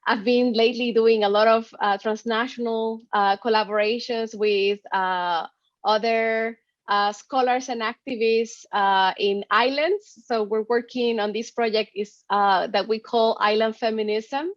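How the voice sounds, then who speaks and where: A woman's voice: on the high side, fairly even intonation, unhurried, no echo. Hesitant woman, dry dull video call. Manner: hesitant, many uh fillers, laughing. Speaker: assistant professor. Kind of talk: webinar introduction.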